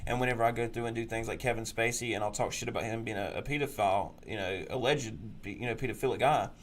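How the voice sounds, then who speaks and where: A man's voice: medium pitch, steady tone, quick pace, slight background noise. A man hosting a political talk show, ranting crudely and mocking people in sneering put-on voices. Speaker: podcast host.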